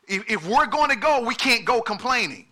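In an expressive sermon at a moderate pace, a middle-aged male pastor speaks with a high voice for a man and a very bright, cutting tone. He leans on repeated words and calls out to those in front of him to press his points.

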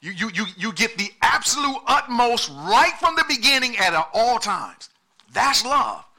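A middle-aged male pastor preaching with a very bright, cutting tone and a high voice for a man. He presses his points with repeated words and calls to the people in front of him. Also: big pitch swings, measured pace. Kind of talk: sermon.

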